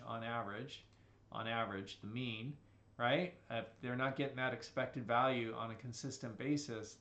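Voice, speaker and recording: A male statistics teacher with a slight Southern twang gives a recorded lecture in a loose, conversational way. He repeats key phrases and keeps checking in with the listener. His voice sits at an ordinary pitch and carries an echo from the room around him. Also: a bit bright. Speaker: statistics instructor. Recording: echoey room.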